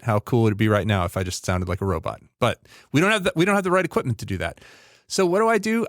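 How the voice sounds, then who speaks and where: A man co-hosting a podcast in casual chat, rambling and animated with many restarts. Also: mid-range voice, no echo, studio quality. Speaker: podcast co-host.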